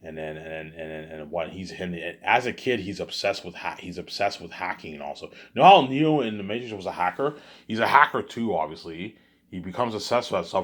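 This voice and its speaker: A man talking in a casual vlog monologue, rambling and often repeating words and restarting his sentences. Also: sits low. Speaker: vlogger.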